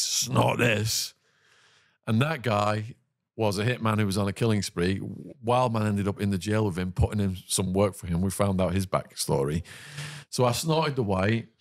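A British man with a fairly low voice tells a story as a podcast guest. He is animated and vivid, breaking into quick laughs and side remarks. The sound is close and dry, with no room in it. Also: dry recording. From Britain. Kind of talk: storytelling in conversation.

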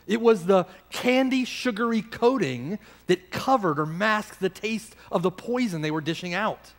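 A man preaching an expository sermon, emphatic and slowing down to stress key phrases. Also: sits high. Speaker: pastor.

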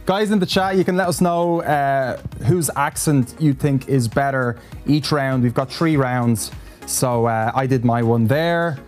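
A man's voice: mid-range voice, a little slow, darkish tone, soft background music. A man hosting a casual live stream, chatting with guests and addressing the chat in a self-deprecating way. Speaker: host.

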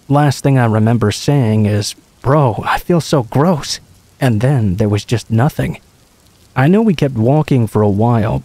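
A man reads a true scary story aloud in a calm, conversational way. His voice is dark and mellow, and the recording is dry and close. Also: medium pitch, dry recording. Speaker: horror story narrator. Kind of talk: scripted narration.

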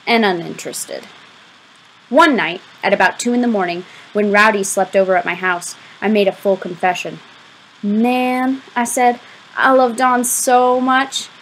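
A woman reading a novel aloud as an audiobook, giving the first-person narration a lively, expressive delivery. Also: medium pitch, slight background noise, low-quality recording. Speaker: audiobook reader.

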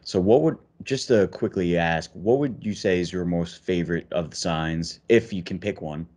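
A podcast host with a very deep voice asks his guest easygoing, conversational questions. His tone is relaxed and informal. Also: normal speed. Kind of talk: casual interview.

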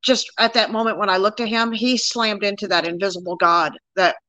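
Bright-voiced woman in her sixties telling her story. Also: medium pitch, fairly even intonation, fairly quick, no echo, poor audio. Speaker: guest recounting her own experience. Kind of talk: casual interview storytelling.

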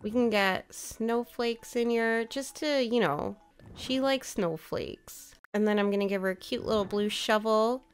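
A woman giving casual gameplay commentary, chatting and thinking out loud as she decorates, with playful asides. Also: a little high, measured pace, clear, resonant tone. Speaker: gaming video creator.

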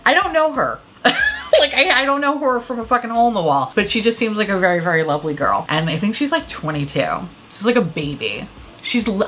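Woman beauty vlogger, a bit tipsy, blunt and profane, bright, sharp voice. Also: lowish voice, a little hiss or hum. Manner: candid, swears a lot. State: a little tipsy from drinking. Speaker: beauty vlogger reviewing makeup releases. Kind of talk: casual chat.

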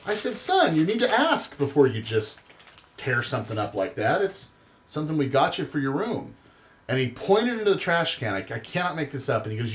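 A man hosting a live card-break stream, chatting casually and wandering into stories. His voice sits a little high for a man and swings up and down with animated energy. He sounds worn out after a long day. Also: normal speed. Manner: chatty, rambling storyteller.

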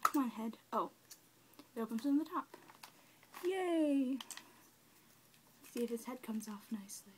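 A young woman who gushes excitedly and chats to her new doll while unboxing it on camera, kneeling on the floor at home. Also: a little high, fairly quick, a little hiss or hum. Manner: gushing, excitable, talks to the doll. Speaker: doll collector vlogger. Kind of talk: casual unboxing chat. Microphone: camera mic.

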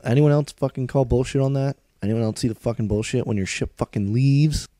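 A let's play gamer works through a strategy game, narrating as he goes in a warm, medium-pitched voice at a fairly quick pace, with no echo. He swears a lot, grumbling and calling out how unfair the game is.

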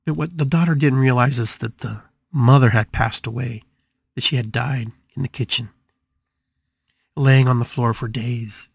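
A man's voice: mid-range voice, steady tone, moderate pace, vocal fry, breathy edge, no room sound, clean studio sound. A man hosting a spiritual podcast, telling a story with emphatic, dramatic repetition. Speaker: podcast host.

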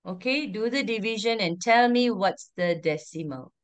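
A woman's voice: mid-range voice, lively intonation, moderate pace. A woman teacher, teaching an online class over a video call, firmly repeating instructions and calling on pupils by name. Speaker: primary school teacher.

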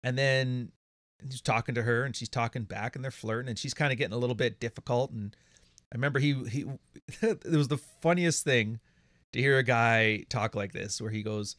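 A man's voice: medium pitch, normal speed, a bit bright, dry recording. A man hosting a casual monologue from his home studio, blunt and profane, often laughing. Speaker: podcast host.

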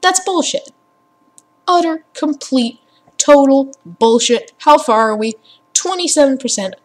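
A woman's voice: sits high, expressive, a little slow. A young woman rambling casually as a gaming vlogger at her home computer, sarcastic and prone to swearing and ranting. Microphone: computer mic with headphones.

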